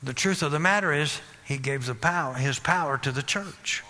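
A man preaching a sermon with fervent, repetitive exhortation that rises to loud emphasis. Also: on the high side, moderate pace. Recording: long hall reverb.

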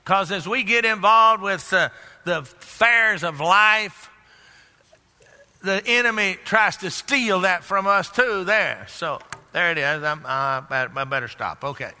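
A man's voice: high-pitched, slow pace, bright, forceful tone, clear, resonant tone, in a large hall. An older man preaching a sermon in a church, repeating phrases for emphasis and building to exclamations. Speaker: pastor.

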